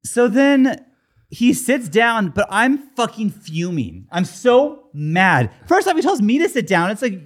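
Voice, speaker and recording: A man's voice: high voice, very animated, a little slow. A man on a podcast telling a story in casual chat, swearing freely and acting out both sides of an argument in raised voices. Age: adult parent. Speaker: podcast co-host.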